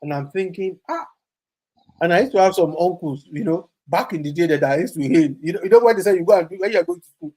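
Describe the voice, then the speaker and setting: A man co-hosting a casual commentary podcast, animated and laughing often, mixing English with Pidgin and Yoruba phrases. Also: high voice, fast talker. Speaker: podcast co-host.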